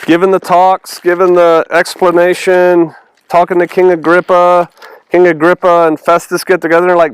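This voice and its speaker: A man's voice: sits high, monotone, moderate pace, smooth, rough recording. A man preaching a casual, conversational sermon, reading scripture and asking his congregation questions. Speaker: pastor.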